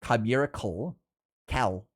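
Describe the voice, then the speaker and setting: A man, chatting casually with his live-stream viewers while drawing, laughing often and getting animated. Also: medium pitch, takes it slowly, slightly rough.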